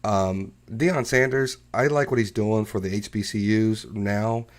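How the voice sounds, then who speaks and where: A podcast co-host with a fairly low, steady voice chats casually on a talk show, speaking a little slowly as he tells stories and laughs along the way.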